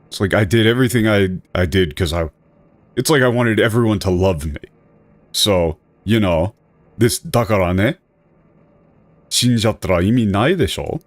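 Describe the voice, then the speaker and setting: A man's voice: fairly low pitch, lively intonation, brisk, long pauses, no room sound. A male streamer giving rambling, self-correcting casual commentary with an exasperated edge.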